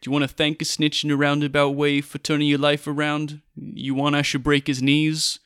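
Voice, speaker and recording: A man voicing a menacing mob-style spokesman in a comic mock ad, with a put-on mobster accent and a slow, drawling pitch full of veiled threats. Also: monotone, a bit bright, smooth, dry recording, clean studio sound. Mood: menacing salesy.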